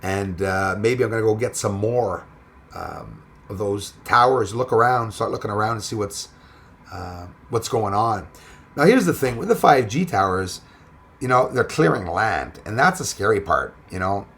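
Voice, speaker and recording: A man's voice: fairly low pitch, lively intonation, normal speed, fairly bright tone. A man hosting a casual livestream, rambling and greeting viewers as he reads their comments aloud. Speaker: livestream host.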